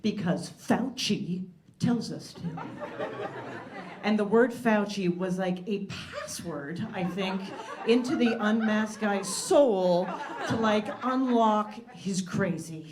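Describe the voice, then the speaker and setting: A woman telling a stand-up story with wry, deadpan asides. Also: medium pitch, takes it slowly. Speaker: stand-up comedian. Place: comedy stage before a live audience. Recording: live crowd laughter behind.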